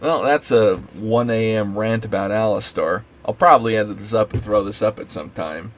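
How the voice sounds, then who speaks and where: A man's voice: on the low side, moderate pace, a little hiss or hum. Man rambling through a late-night rant. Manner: rambling, full of fillers and restarts. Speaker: video creator.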